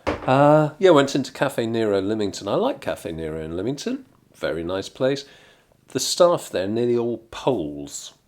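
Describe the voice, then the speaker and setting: A middle-aged man from England, telling a rambling comic story in a deadpan, digressive way with muttered asides. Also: medium pitch, normal speed. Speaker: vlogger.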